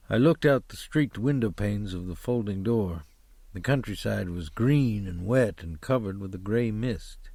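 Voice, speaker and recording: A man narrating a crime novel audiobook in a steady, measured, descriptive reading. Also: fairly low pitch, vocal fry, breathy edge, dry recording.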